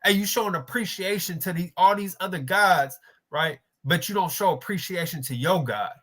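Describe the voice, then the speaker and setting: Emphatic man in a faith chat, high bright voice. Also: moderate pace. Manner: animated, emphatic, repeats words for effect. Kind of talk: casual religious discussion.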